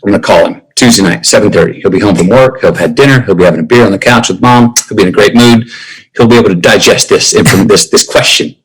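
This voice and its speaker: A man in his fifties, a podcast guest, telling a personal story in an unhurried drawl and acting out remembered conversations. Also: fairly low pitch, husky, low-quality recording. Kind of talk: reflective storytelling.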